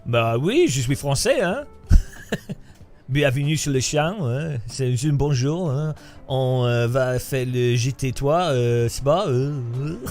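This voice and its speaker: A man's voice: medium pitch, animated, slow, a little mellow, soft background music. A man putting on a Belgian French accent to play a laid-back French speaker, shrugging and casual, full of fillers. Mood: nonchalant.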